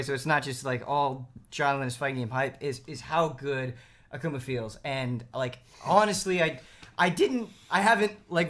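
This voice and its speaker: Excitable man telling a story. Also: fairly high pitch. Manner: animated, acts out quotes. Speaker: regular panelist.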